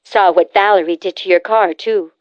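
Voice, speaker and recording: A woman's voice: mid-range voice, normal speed, clear, resonant tone, dry recording, close to an everyday voice. Woman doing a bossy teasing sister, kinda muffled dull sound, audiobook voice. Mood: breezy, insistent. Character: brisk, teasing adult sister. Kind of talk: audiobook character voice.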